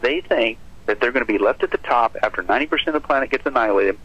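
A pastor preaching urgent, emphatic warnings about the end times on a radio talk program. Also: male voice, mid-range voice, expressive, racing, fairly bright tone, breathy edge. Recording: muffled lo-fi broadcast audio.

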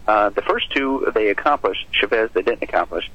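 A pastor preaching urgent, emphatic warnings about the end times on a radio talk program. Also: male voice, lowish voice, expressive, a little fast, hardly any pauses, fairly bright tone, no echo. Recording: muffled lo-fi broadcast audio.

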